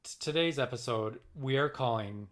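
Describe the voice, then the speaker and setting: A man's voice: mid-range voice, a bit bright. A middle-aged man from Minnesota with a Minnesotan accent, co-hosting a casual chat podcast and rambling with lots of fillers and restarts. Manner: rambling, halting with many fillers. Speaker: podcast co-host.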